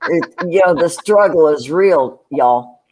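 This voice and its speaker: Chatty woman with a lively pitch. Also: takes it slowly. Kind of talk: casual chat.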